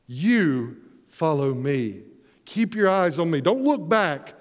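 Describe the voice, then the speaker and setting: A man voicing Jesus as a grown man, firm and steady as he redirects a disciple. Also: high-pitched, moderate pace, big-room sound.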